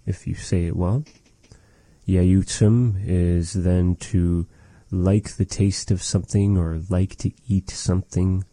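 A man with a low, very dark and mellow voice leads a relaxed language lesson. He speaks slowly and patiently, repeating each phrase carefully, with a dry, close sound. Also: no room sound. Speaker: language teacher.

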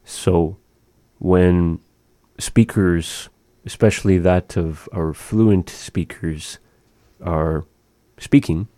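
Slow, deep-voiced man teaching words. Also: fairly even intonation, warm tone, dry recording. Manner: slow, patient, repeating words for practice. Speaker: language teacher. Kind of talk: language lesson.

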